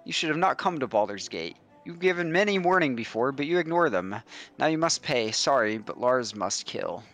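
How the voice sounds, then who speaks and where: A man's voice: mid-range voice, animated, a bit bright, soft background music. A man doing a big dim-witted ogre. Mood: menacing. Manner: broken simple speech, slow and confused.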